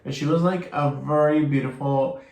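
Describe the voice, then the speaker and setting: Male co-host, relaxed and chatty, a bit high-pitched, echoey room. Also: normal speed, creaky. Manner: easygoing, reads product details aloud. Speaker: co-host of a beauty vlog. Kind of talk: casual chat.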